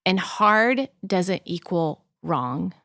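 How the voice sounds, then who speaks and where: A woman's voice: lowish voice, animated, drawn-out words, gravelly, a bit bright, dry recording, clean studio sound. A woman speaking as a podcast guest in a casual, earnest conversation, often quoting her own thoughts aloud. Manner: earnest, chatty, quotes herself often. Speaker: podcast guest, mother of two.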